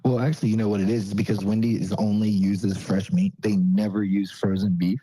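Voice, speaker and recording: A playful man co-hosts a casual podcast and spins deadpan tall tales. His voice is very dark and husky and fairly low. The sound is dry. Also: fairly quick, dry recording, low-quality recording. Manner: playful, tall-tale joking. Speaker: podcast host. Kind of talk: casual chat.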